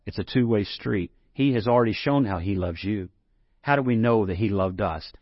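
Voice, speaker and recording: A man's voice: lowish voice, normal speed, no room sound, muffled recording. A man preaching a sermon in a conversational way, rising to emphatic scripture reading. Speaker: pastor.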